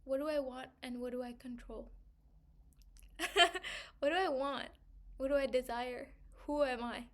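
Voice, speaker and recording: A young woman speaks in a high voice in a personal vlog monologue. She is reflective and searching, pausing often and filling gaps with "like." At times she sounds tearful. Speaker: vlogger.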